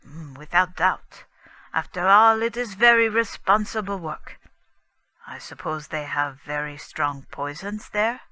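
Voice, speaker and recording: A fussy, probing middle-aged Belgian detective, as a woman reader puts him on, weighing every word slowly in a bright, dry storybook voice. He asks his questions in a measured, precise way. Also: fairly low pitch, dry recording. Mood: inquisitive.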